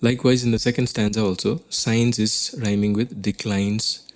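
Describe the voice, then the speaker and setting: A man's voice: fairly low pitch, fairly even intonation, moderate pace. A man with an Indian English accent teaching a class lesson on poetry, explaining step by step and often checking in with "okay?".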